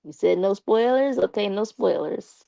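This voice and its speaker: A woman's voice: medium pitch, lively intonation, moderate pace, gravelly, warm tone, no echo, muffled recording. A young woman live streaming and chatting casually with her viewers, slangy and talkative, with a slight lisp from her braces. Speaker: live streamer talking to chat.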